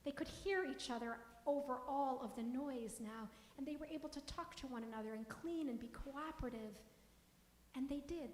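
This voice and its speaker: Animated high-voiced woman telling a story. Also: normal speed, slight background noise. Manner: animated, doing animal noises and character voices. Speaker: storyteller at a service. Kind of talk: children's story told aloud. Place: synagogue sanctuary. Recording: echoey hall.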